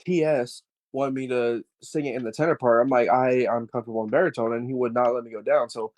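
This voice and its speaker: A man's voice: medium pitch, steady tone, fast, darkish tone, dry recording. A young man in casual chat, rambling and hesitant with lots of fillers.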